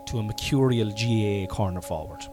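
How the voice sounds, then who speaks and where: A middle-aged Irish man hosting a podcast from home while sick, coughing now and then, rambling and swearing, with sudden loud bursts. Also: fairly low pitch, expressive, a little fast, over music. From Ireland. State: sick with covid, congested and coughing. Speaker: podcast host. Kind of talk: casual solo podcast monologue.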